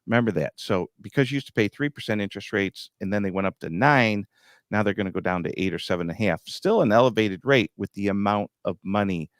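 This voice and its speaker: A man's voice: fairly low pitch, fast, no echo, clean studio sound. A middle-aged man hosting a grain market show, talking bluntly with a teasing edge. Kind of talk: market commentary.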